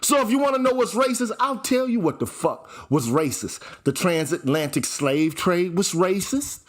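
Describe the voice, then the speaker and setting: The host of his own channel delivers a profane, heated commentary rant, repeating the same point to hammer it home. His voice sits high and sounds animated, at a moderate pace.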